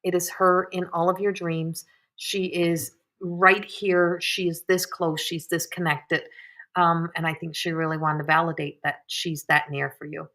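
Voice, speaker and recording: Woman, 30s, psychic-medium host, live-stream reading. Slightly low, bright tone, soft and sighing. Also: flat delivery, a little slow. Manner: soft, emotional, tearful at times, frequent sighs.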